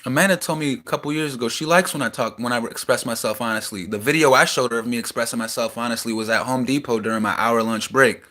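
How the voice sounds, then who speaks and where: A young man in a small house, venting a raw personal rant that swings between heated outbursts and quieter reflection. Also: medium pitch, fast, few pauses. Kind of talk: emotional personal rant to camera.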